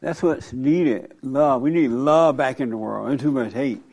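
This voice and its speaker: A man's voice: medium pitch, unhurried, creaky, a little mellow. A man leading a casual group discussion, speaking in an encouraging, preacher-like way. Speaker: group leader.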